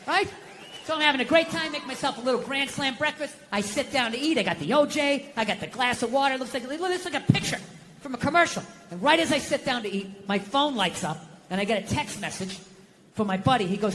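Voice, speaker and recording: A man doing stand-up comedy in an American accent, ranting and sarcastic, swearing a lot and swinging between muttered asides and yelling. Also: extremely high pitch, animated, brisk, in a large hall, slight background noise, rough recording.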